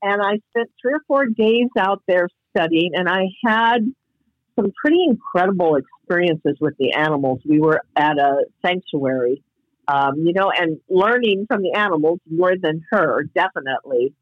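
A woman's voice: on the low side, animated, moderate pace, no echo, lo-fi sound. A woman guest telling a reflective personal story in casual podcast talk, heard over a call. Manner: earnest, reflective, spiritual storyteller.

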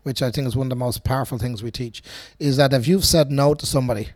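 A man's voice: medium pitch, fast, dry recording. A man, a self-defence instructor explaining ideas in a conversational way, telling stories and acting out quotes. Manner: animated storyteller, acts out quotes, frequent restarts.

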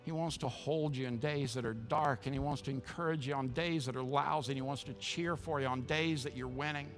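A man's voice: medium pitch, fairly even intonation, fairly quick, soft background music. A man preaching a sermon as pastor, impassioned and emphatic, often repeating words as he restarts.

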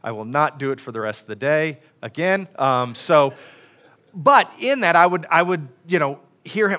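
A man's voice: a little high, animated, moderate pace, bright, forceful tone. A man preaching a casual, folksy sermon in a church, chatty and self-deprecating with many fillers. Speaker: pastor. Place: church sanctuary.

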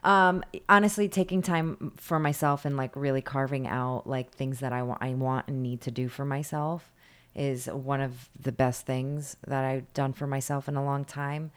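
A woman with an unusually deep, low voice co-hosts a casual podcast. She talks in a laid-back, reflective way and answers with short, dry replies. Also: steady tone, moderate pace, clear, resonant tone. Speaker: podcast co-host. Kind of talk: casual chat.

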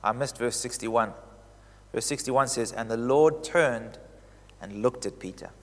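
Preacher in a reverberant hall. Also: male voice, unhurried. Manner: expressive storytelling, swinging from emphatic highs to hushed reflection. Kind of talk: sermon.

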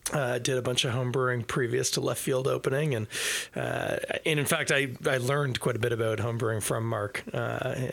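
Gravelly-voiced relaxed male podcast host. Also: medium pitch, moderate pace, hardly any pauses. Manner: relaxed, hesitant with many uh's. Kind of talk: casual chat.

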